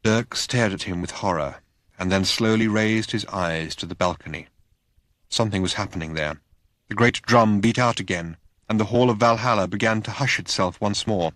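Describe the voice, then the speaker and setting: Low-voiced man reading an audiobook. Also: a bit bright, no room sound. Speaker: audiobook narrator. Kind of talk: audiobook narration.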